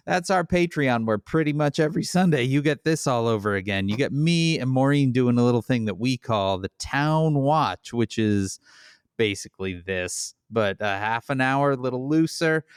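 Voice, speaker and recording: A male podcast co-host chatting through plugs with a loose, joking manner. His voice is smooth and his pitch moves a lot. The sound is close and dry. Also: no echo. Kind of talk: casual podcast chat and sponsor read.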